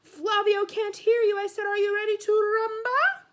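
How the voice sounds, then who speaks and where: A woman's voice: very high voice, level tone, moderate pace, voice pushed up. A woman voicing a smarmy male dancing heartthrob host with a purring Italian accent. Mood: showy. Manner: purring, showy.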